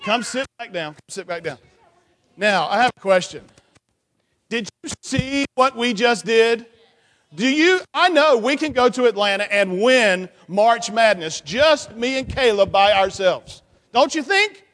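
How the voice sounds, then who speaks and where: A man leading a children's church session, playful and animated, teasing the kids with questions and cheering a young helper. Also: very high-pitched, unhurried, long reverb tail. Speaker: children's pastor.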